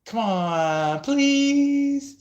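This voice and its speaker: A man's voice: animated, drawn-out words, darkish tone, roomy sound, highs cut off, full character voice. A man voicing a nosy, clingy would-be lover who keeps pleading for attention in a whiny voice. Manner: whiny, pleading, high-pitched.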